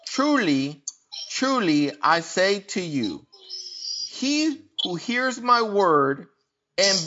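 Animated, drawn-out man preaching informally. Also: high-pitched. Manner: animated, repeats phrases for emphasis. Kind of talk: informal sermon. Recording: muffled lo-fi recording.

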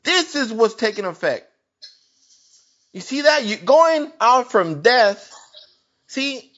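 A man gives a relaxed, informal sermon in an unhurried way, his voice rising and falling widely. His tone is bright and edged, and he leans on repeated phrases to drive each point home. The recording is muffled and lo-fi. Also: extremely high pitch. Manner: animated, repeats phrases for emphasis. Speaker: preacher.

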